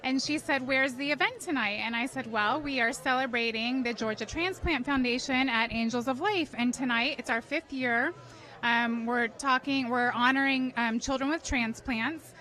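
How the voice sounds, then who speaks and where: Woman, high bright voice, heartfelt interview guest. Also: moderate pace, rough recording. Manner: heartfelt, emotional storytelling. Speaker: public relations guest. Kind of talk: red carpet interview.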